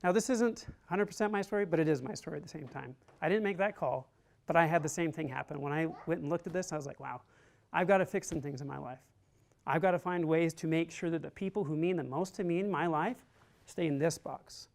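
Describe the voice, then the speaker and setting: A man's voice: on the high side, fairly quick, gravelly. A man teaching a resilience class who talks in an informal, chatty way, full of "like," and sounds earnest and encouraging. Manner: informal and chatty, heavy use of "like". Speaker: army resilience trainer. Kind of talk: classroom lecture with a personal story.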